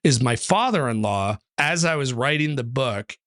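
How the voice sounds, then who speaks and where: A man talks as a guest in a relaxed interview, his voice sitting at an everyday middle pitch. He tells stories with animated energy, slipping into quoted voices and peppering his talk with fillers. The sound is close and dry, with no room around it. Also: moderate pace, dry recording. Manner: animated storyteller, acts out quotes, many fillers. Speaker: numerology author and teacher, guest. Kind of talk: casual interview conversation.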